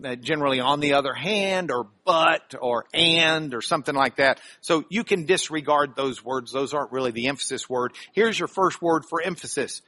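A man teaching scripture for a radio broadcast, dramatic with sudden loud emphasis and chatty asides asking if listeners follow. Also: on the high side, normal speed, few pauses, no echo. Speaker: Bible teacher.

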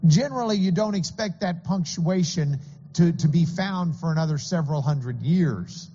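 A man's voice: a little high, moderate pace, dark tone, big-room sound, muffled recording. A man preaching a sermon as pastor, earnest and explanatory, with occasional stammering restarts.

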